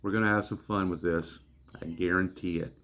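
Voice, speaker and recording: A man's voice: low-pitched, fairly even intonation, brisk, fairly bright tone, slight background noise. A middle-aged man from Iowa, telling a comic anecdote in a folksy, wry way. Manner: folksy, wry, acts out voices of others. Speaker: storyteller. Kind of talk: comedic anecdote storytelling.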